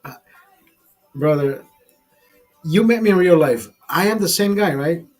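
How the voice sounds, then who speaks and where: A man's voice: a little high, lively intonation, unhurried, darkish tone, faint music behind. A man hosting a casual late-night chat over beers, tipsy, crude and rambling, repeating himself and laughing often. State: tipsy from drinking. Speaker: livestream host.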